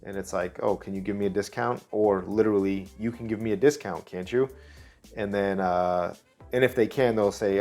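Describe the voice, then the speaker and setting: A man hosting a casual language lesson, relaxed and chatty, explaining things slowly. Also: on the low side, faint music behind. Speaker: travel video host.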